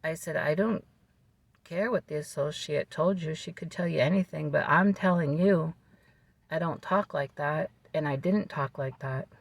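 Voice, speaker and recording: A vlogger telling a personal story to camera in a calm, measured way, with fillers and restarts. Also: mid-range voice, creaky, dry recording.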